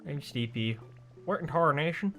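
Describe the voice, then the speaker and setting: A man's voice: on the high side, expressive, normal speed, bright, forceful tone, soft background music. A man reading out a folksy old male water monster with a put-on Southern drawl. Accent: put-on American Southern.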